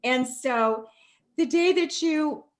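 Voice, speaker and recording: A woman's voice: high-pitched, takes it slowly. Emotional woman hosting a video call. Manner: warm, affectionate, tearful at times. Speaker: masterclass host. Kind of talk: live video call talk.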